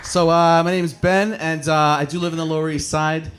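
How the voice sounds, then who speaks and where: A man's voice: on the high side, level tone, a little fast, fairly bright tone, faint music behind. A man hosting a stand-up comedy show, telling stories to a live audience with lots of chatty fillers and laughs at his own jokes. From American suburbs. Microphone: handheld microphone.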